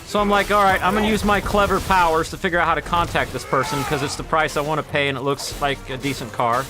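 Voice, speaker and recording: A man streaming a game while telling a long, rambling story in casual chat, with quick asides to his viewers. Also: on the high side, steady tone. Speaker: gaming streamer. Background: faint game music.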